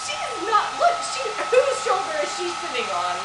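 A young woman with a high, lively voice chats casually to the camera and coos baby talk to her dog. Her pitch swings up and down as she talks, and clear background noise runs under the handheld recording. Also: moderate pace. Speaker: vlogger. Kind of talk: casual family vlog. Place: home, then in a car. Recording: noisy handheld camera audio.

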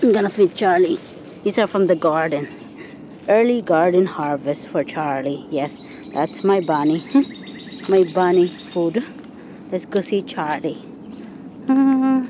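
A woman chatting casually while she walks through her backyard garden, sometimes calling to her pet rabbit in a high sing-song voice. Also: warm tone. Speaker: vlogger giving a garden tour. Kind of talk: casual chat while walking. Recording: outdoor phone video with faint nature noise.

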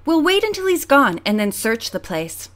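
A woman voicing a confident, curious teenage girl detective who talks briskly and decisively. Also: high voice, sing-song, a bit bright.

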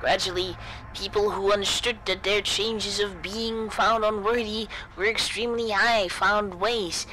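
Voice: mid-range voice, fairly even intonation, measured pace, pushed and bright, a little hiss or hum, pitched above the performer's own voice, low-quality recording. A streamer voicing an old woman recording her reflections on a voyage, read in an earnest, reflective way.

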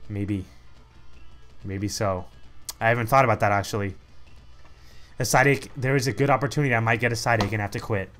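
A man's voice: lowish voice, brisk, pauses often, fairly bright tone, soft background music. A young man giving casual, sarcastic commentary as he plays a video game. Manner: sarcastic, mocking, reads game text in put-on voices. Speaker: let's play host.

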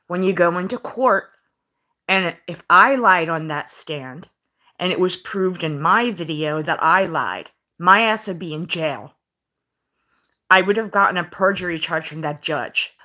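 A woman's voice: lowish voice, pushed and bright. Earnest aggrieved woman vlogging. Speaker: independent journalist vlogger. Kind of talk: vlog monologue.

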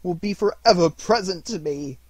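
A man's voice: high voice, moderate pace, slightly rough, no room sound, pitched above the performer's own voice. A man reading an audiobook, voicing an old male miser who urgently begs a spirit. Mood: pleading. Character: pleading old miser, man, shaken by death.

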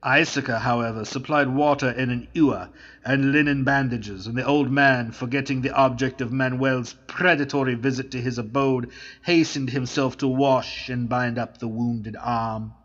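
Brief: male audiobook narrator, mid-pitched, measured, slightly muffled recording. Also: steady tone, a bit bright. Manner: measured storytelling. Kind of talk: audiobook reading of a classic novel.

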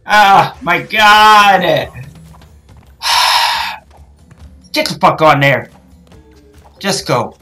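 A young woman playing a video game and commenting, cursing and yelling at the screen in frustration. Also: sits low, extremely slow, pauses often, soft background music. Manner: frustrated, swears a lot, yells at the game. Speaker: gaming channel host. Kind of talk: let's play commentary.

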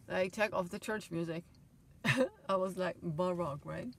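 A woman's voice: fairly low pitch, a little slow, vocal fry. Emotional woman storyteller. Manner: emotional, swings loud and soft, laughs often. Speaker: vlogger. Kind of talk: rambling personal storytelling.

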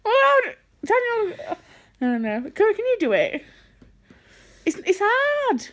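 A woman's voice: very high voice, wildly swooping pitch, measured pace, a bit bright. A woman chatting casually with family at home, giggly and flustered, stumbling over her words. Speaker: family member in a vlog.

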